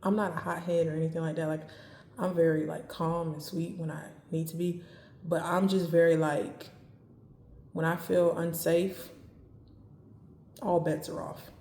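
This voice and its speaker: A woman giving dating advice in a casual talk to camera, speaking calmly and evenly and driving her points home by repeating them. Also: on the low side, unhurried, pauses often, roomy sound. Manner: calm, even, straight-talking with emphatic repetition.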